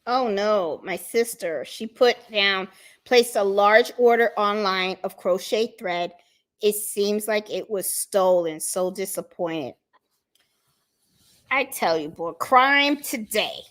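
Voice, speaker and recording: A woman's voice: medium pitch, slow pace, fairly bright tone. A woman from Puerto Rico hosting a casual craft livestream, chatting and greeting viewers by name as she reads their comments. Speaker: craft channel host.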